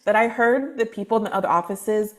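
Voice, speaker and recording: A woman guest on a podcast, telling a personal story in a loose, animated way and acting out what others said. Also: medium pitch, brisk. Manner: animated, acts out quoted dialogue with laughs; loose, filler-heavy talk with restarts. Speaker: guest, spiritual advisor. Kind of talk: casual storytelling interview.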